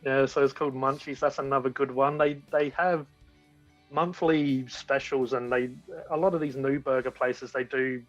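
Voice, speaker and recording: A man's voice: mid-range voice, steady tone, normal speed, faint music behind. A man as a guest in a casual chat, talking enthusiastically and rambling with frequent restarts. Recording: dull lo-fi audio.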